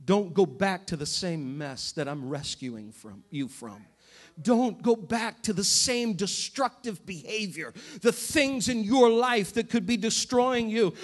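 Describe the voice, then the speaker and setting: High-voiced passionate male preacher. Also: animated, measured pace. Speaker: pastor. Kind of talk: sermon.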